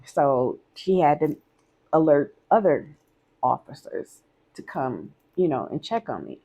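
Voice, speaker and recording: A woman's voice: sits low, expressive, a little slow, dark tone. A woman telling a personal story in a candid, conversational vlog, often repeating herself for emphasis.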